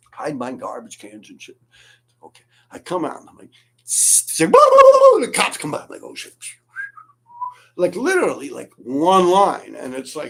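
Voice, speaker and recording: A man with a New York accent telling street stories in a casual, animated, profane way, laughing often. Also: medium pitch, gravelly, husky. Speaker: graffiti writer telling stories. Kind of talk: casual storytelling.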